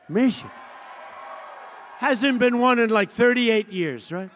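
A man's voice: high-pitched, a bit bright. A man giving a boastful, repetitive rally speech, mocking the people he quotes. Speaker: speaker at a political rally. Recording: long reverb of a large hall.

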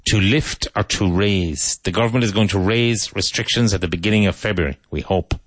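A man teaching English vocabulary, saying each word slowly, repeating it and spelling it out, with tips on pronunciation. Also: fairly low pitch, a bit bright, dry recording. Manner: slow, deliberate, repeats and spells out words.

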